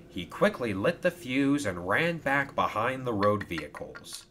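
Slow, expressive man narrating a storybook. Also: mid-range voice, slight background noise.

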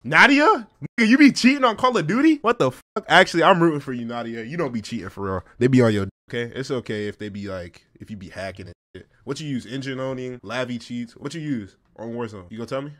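A man trolling strangers on a video call, crude and mocking, loud one moment and mumbling the next. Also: medium pitch, expressive, quick pace, hardly any pauses. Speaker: host.

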